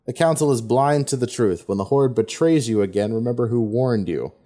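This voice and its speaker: A man's voice: mid-range voice, a little fast, warm tone, lightly acted. A man reading the lines of a proud, bitter sorceress from a game, in a cold, warning tone.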